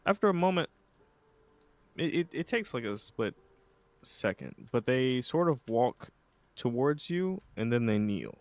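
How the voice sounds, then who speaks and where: A man with an unhurried, measured pace runs a tabletop game, narrating outcomes in a halting way full of restarts. His pitch sits in an ordinary middle range. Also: very animated, no echo. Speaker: game master.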